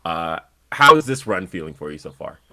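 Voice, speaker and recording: Male host, low pitch, friendly, loose interviewer delivery. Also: very animated, normal speed, crowd noise. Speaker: podcast host. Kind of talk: interview questions.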